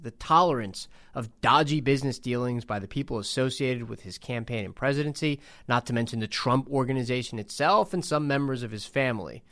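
A man hosting a podcast, giving measured, analytical commentary with the occasional filler. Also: mid-range voice, dry recording. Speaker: podcast host. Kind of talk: reflective solo commentary.

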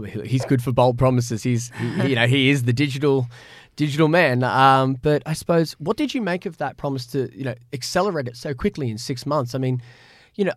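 A man hosts an industry podcast in a chatty, rambling way, circling back with fillers. His voice has a gravelly edge, and the sound is dry and close. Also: medium pitch, no echo. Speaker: podcast host and journalist. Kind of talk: casual interview chat.

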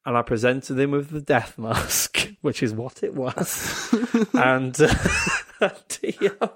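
A man on a podcast spins a long, self-deprecating story in a casual, rambling way. He keeps breaking into laughter at his own awkwardness. His voice sits at an ordinary middle pitch. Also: big pitch swings, slow pace, fairly bright tone, husky. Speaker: comedian guest. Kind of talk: casual anecdote telling.

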